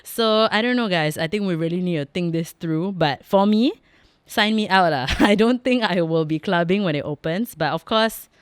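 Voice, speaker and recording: A woman's voice: fairly low pitch, moderate pace, clean tone, dry recording. A woman with a Singaporean accent hosting her own podcast in a studio, talking frankly and jokingly and laughing often. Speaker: podcast host. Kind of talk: casual chatty monologue. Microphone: close studio mic.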